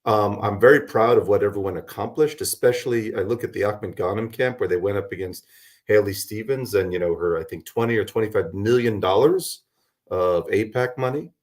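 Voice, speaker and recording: A man's voice: on the low side, brisk. A man who is a guest on a talk radio show, his voice worn out, giving a meandering, hesitant debrief with many fillers. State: voice worn from a long night. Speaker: guest, local political organizer. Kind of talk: radio interview, recapping events.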